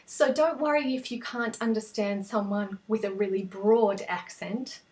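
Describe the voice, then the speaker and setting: A woman with a general Australian accent, explaining an English lesson in a clear, patient, step-by-step way. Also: medium pitch, a little slow, darkish tone. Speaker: English teacher.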